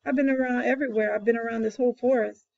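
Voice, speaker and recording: An old male bear speaks slow and quiet in a storybook telling, as a woman puts him on. Her voice sits a little high on a dull, lo-fi recording. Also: fairly even intonation, gravelly. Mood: plain.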